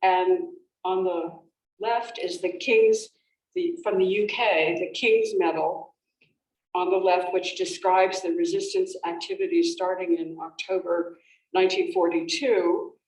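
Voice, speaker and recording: Giving a conversational presentation in a library event room, a woman author relates a story at a measured pace, restarting often and using fillers. Her voice is on the low side with a darkish tone, captured in a roomy, distant recording with faint background noise.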